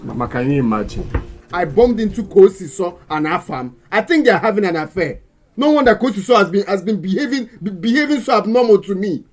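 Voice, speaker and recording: Nigerian guy a dumped fiancé, high swingy voice, keeps stammering. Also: sing-song, a little fast. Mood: complaining. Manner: stammering, emotional. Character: young man dumped by his fiancée, hot-tempered. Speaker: jilted fiancé. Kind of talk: film drama acting.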